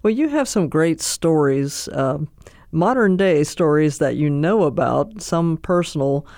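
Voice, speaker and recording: A man's voice: on the high side, expressive, measured pace, creaky, dry recording, studio quality. A man hosting a talk show, asking questions and reacting with short affirmations. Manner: warm laughing listener, short affirmations. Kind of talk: interview.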